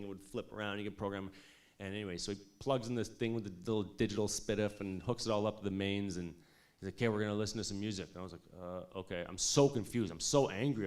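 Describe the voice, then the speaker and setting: A man in his thirties telling a casual, animated story about his studio years, peppered with swearing and "like" and "you know". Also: fairly low pitch. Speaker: music producer speaking at an industry showcase.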